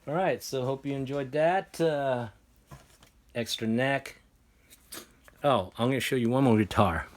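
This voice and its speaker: Man, casual, rambling, animated storyteller, home workshop, roomy sound, mid pitch. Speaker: vlogger showing his guitars. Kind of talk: casual storytelling and show-and-tell. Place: room at home, guitar workshop.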